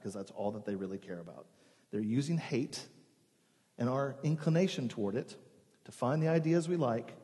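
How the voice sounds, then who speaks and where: Man preaching with a mellow tone in a church. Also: mid-range voice. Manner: conversational, earnest preaching with restarts. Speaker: pastor. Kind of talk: sermon. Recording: long reverb in a church hall.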